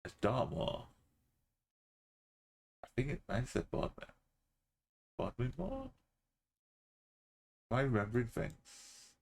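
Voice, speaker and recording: A man's voice: mid-range voice, unhurried, creaky, long pauses, a little hiss or hum. A man streaming a geography game, muttering and thinking aloud in casual commentary, sometimes humming to himself.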